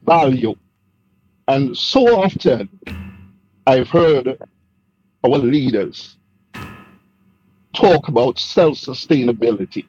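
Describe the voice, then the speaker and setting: A man on a panel discussion who speaks in a measured, emphatic way. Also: mid-range voice, a little mellow, breathy edge, faint music behind. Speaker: panel guest. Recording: dull dry lo-fi sound.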